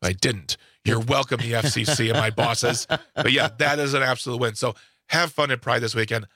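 Man in his 40s, radio co-host, jokey self-deprecating banter, bright tone, dry mic. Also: mid-range voice, moderate pace, no room sound. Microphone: studio microphone.

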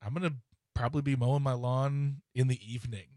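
A man's voice: mid-range voice, steady tone, fast talker, dark tone, no room sound, clean studio sound. A man chatting casually on air, laid-back and rambling as he plugs his club's shows. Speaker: comedy club promoter. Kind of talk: casual chat.

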